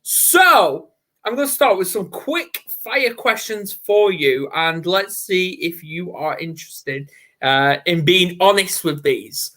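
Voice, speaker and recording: A man's voice: high-pitched, lively intonation, takes it slowly, bright, forceful tone. A man with a Northern English accent hosting a live online interview in a chatty, upbeat, casual way over a video call. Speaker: host. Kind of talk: live online interview, quick-fire questions.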